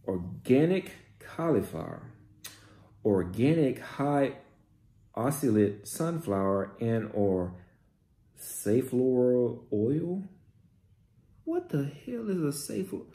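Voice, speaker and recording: A man casually reviewing a shopping haul, excitable and exclaiming as he reads out labels. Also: medium pitch, takes it slowly, long pauses. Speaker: vlogger. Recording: echoey room with faint noise.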